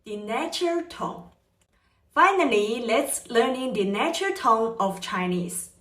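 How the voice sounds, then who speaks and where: Slow-speaking woman teaching tones. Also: fairly high pitch, animated, a bit bright. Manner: slow, carefully modeled tone examples. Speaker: Chinese language teacher. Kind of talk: scripted lesson narration. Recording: echoey room from a distance, light music.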